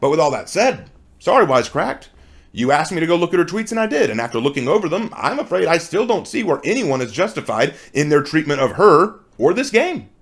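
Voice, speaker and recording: Animated man rebutting in commentary. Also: on the high side, fast, hardly any pauses. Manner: conversational, rebutting, rhetorical questions. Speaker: commentary video creator. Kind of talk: argumentative response commentary.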